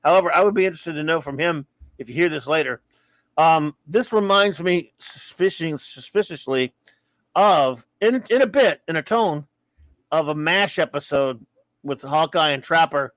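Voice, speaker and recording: A man hosting a casual live-streamed show, reading out listener reviews and greetings, often stumbling and correcting himself with quick laughs. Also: on the high side, a bit bright, dry recording.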